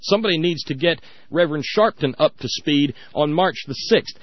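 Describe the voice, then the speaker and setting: A man's voice: on the high side, animated, moderate pace, no echo, lo-fi sound. A man hosting a radio talk show, giving sarcastic, emphatic commentary with frequent restarts.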